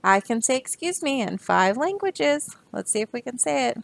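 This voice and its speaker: A woman's voice: on the high side, big pitch swings, moderate pace, vocal fry, no echo. A young adult woman reading a picture book aloud to children, stopping to explain the pages in a chatty, easygoing way. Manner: explaining, chatty asides, soft laughs. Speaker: storybook reader.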